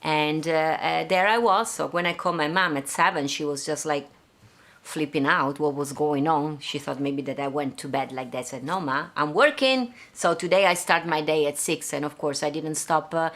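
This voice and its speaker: An Italian-accented woman hosts a relaxed live stream from her home. She talks on a slightly low voice and chats freely with plenty of fillers, slipping into Italian and French now and then. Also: moderate pace. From Italy. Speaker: host. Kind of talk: casual live-stream chat.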